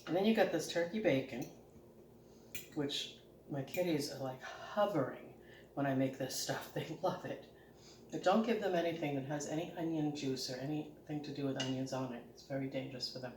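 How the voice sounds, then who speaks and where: A very deep, darkish voice at a moderate pace belongs to a middle-aged home cooking host with a regional American accent. She chats casually and homily as she cooks in her kitchen, laughing often. The room echoes, the mic sits at a distance, dishes and cutlery clatter, and there's a little hiss or hum.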